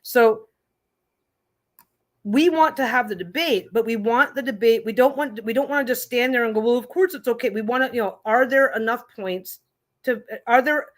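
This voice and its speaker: A woman's voice: on the high side, moderate pace. A woman in her fifties, a host, telling stories in a casual chat, blunt and profane, with many restarts. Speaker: podcast host.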